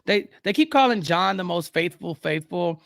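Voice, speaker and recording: A man's voice: high-pitched, animated, moderate pace, creaky, a bit bright, no echo, studio quality. A man guesting on a podcast who talks casually and jokes at his own expense. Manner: joking, self-deprecating. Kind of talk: casual recap chat.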